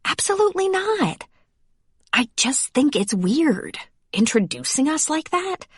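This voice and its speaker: A woman's voice: high-pitched, sing-song, a little slow, no echo, studio quality, pitched above the performer's own voice. A woman reading aloud voices a wry, guarded grown woman in a romance story.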